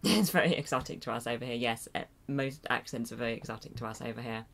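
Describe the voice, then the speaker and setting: A woman's voice: a bass voice, quick pace, vocal fry, a bit bright. An English woman hosting a casual livestream, reading viewer comments and answering in a rambling, hesitant, self-deprecating way, full of fillers and small chuckles, at her computer at home. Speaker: livestream host. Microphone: desk mic near a loud keyboard.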